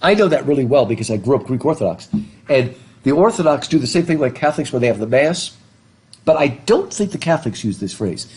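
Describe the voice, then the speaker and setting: Animated husky-voiced male professor. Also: mid-range voice, fast. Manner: animated, reads passages aloud, jokes with students. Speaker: literature professor. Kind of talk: classroom lecture. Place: classroom.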